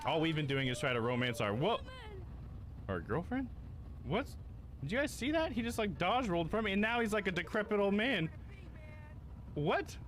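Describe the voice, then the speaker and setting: A man streaming a game live, commenting in an excitable, profane way and giggling often. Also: high-pitched, normal speed, long pauses, slight background noise.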